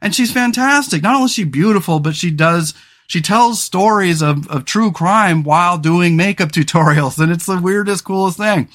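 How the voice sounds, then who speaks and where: A man's voice: high voice, normal speed, a bit bright. A man hosting a solo podcast in casual talk, rambling and frank, with many fillers and restarts. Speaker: podcast host.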